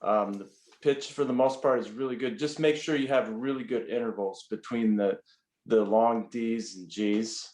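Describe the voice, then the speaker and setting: A man giving gentle feedback in a horn masterclass, stumbling over his words. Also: medium pitch, steady tone, normal speed, roomy sound. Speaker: horn teacher.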